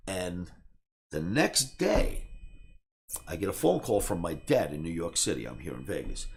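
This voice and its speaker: A man's voice: low-pitched, sing-song, measured pace, a little mellow. A man who teaches trading tells a story in a brash, boastful way and acts out the other people in it. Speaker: trading educator.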